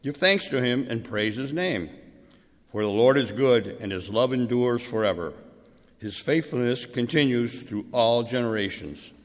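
A man reading a psalm aloud in a measured, solemn way. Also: medium pitch, expressive. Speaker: scripture reader. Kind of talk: scripture reading. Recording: hall reverb.

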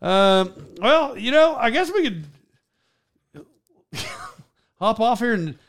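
A man's voice: very high-pitched, big pitch swings, slow pace, a bit bright. A man hosting a casual podcast, chatting loosely, laughing often and restarting his sentences. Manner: laughing, joking, rambling with restarts. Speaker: podcast host. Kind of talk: casual chat.

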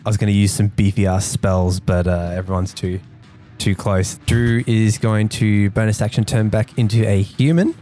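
Dude player in a tabletop game thinking out loud, low warm voice, laid back. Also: male voice, fairly even intonation, moderate pace, faint music behind. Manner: casual, thinking aloud, laughs easily. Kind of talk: casual tabletop game play.

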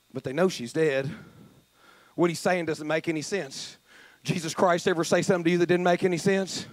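A man preaches with a fairly high voice, building his points through rhythmic repetition. His delivery is earnest and emphatic, like a storyteller in the pulpit. The sound is close and dry, with no room echo. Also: fairly quick. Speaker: pastor. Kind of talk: sermon.

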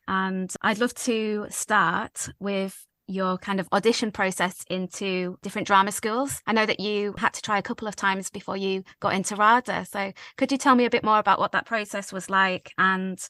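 Woman podcast host, medium pitch, bubbly and enthusiastic interviewer, dry recording. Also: a bit bright, no echo. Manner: bubbly and enthusiastic, laughs along. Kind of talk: friendly interview questions.

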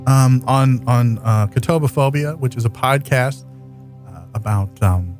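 A man co-hosts a podcast, stammering and restarting often as he plays up a self-pitying tone. A music bed is clearly audible under his voice. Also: medium pitch, measured pace, darkish tone. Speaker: podcast co-host. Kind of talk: casual podcast chat.

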